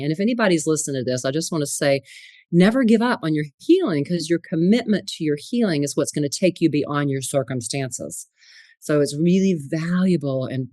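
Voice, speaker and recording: Low-voiced animated woman telling stories. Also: no room sound, clean studio sound. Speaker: interview guest, spiritual psychologist. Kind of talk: storytelling interview.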